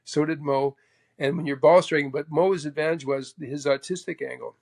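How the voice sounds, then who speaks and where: A man from Canada tells golf stories as an interview guest, with a gravelly, raspy texture and a slightly high pitch. He talks in an animated way and acts out the other people in his tales. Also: moderate pace. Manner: animated anecdote teller, acts out the voices of others. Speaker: guest, former tour golfer. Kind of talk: casual storytelling interview.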